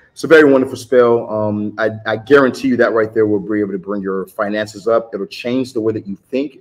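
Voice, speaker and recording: A man chatting casually on a live stream as a tarot reader, pitching spells in a loose, salesy way full of fillers. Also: rough recording.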